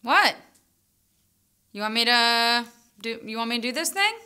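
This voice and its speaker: Woman as a slurring, pouty co-host: bright, slow, sulky comedy sketch voice. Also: fairly high pitch, expressive, clean tone. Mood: sulky demanding. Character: tipsy, petulant female co-host who sulks and demands apologies.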